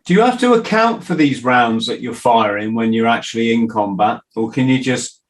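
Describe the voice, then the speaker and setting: A man hosting a podcast, asking relaxed questions and telling his own story in casual chat. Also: medium pitch, moderate pace, a little hiss or hum. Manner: brief listening sounds, relaxed questions. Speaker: podcast host.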